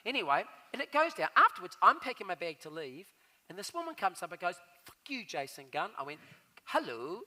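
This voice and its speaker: Male NZ-raconteur on a live stage, very high and bright, does all the voices. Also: fairly quick. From New Zealand. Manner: animated, acts out the voices of people in his stories. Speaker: guest storyteller.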